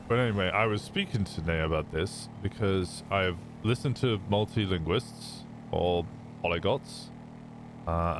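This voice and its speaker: A young man streaming and chatting loosely with his audience, swearing often and stumbling over restarts. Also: low-pitched. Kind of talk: casual chat to a live stream chat. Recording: noisy background.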